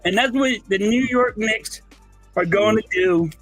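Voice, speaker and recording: A man co-hosts a casual sports debate in a very high voice, heard dry and close. He hammers home his predictions with insistent emphasis, while faint music plays behind him. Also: measured pace, a bit bright, no room sound. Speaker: co-host.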